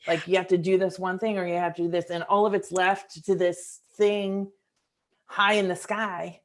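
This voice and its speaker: A woman's voice: on the low side, level tone, moderate pace. A woman hosting a podcast interview, talking in a thoughtful, earnest way and speaking straight to her listeners. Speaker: podcast host. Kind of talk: reflective interview conversation.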